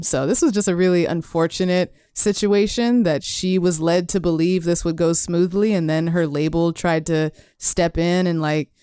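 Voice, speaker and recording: A woman co-hosting a pop music news podcast, chatting and laughing easily. Her voice sits low and sounds smooth and resonant. The recording is dry and close. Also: darkish tone, dry recording. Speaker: podcast co-host. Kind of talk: casual chat.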